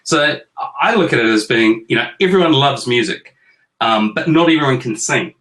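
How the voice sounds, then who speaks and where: A man's voice: mid-range voice, expressive, moderate pace, fairly bright tone, poor audio. A middle-aged man with a New Zealand accent hosting a casual chat with his kids, jokey and self-mocking as he rambles. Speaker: host.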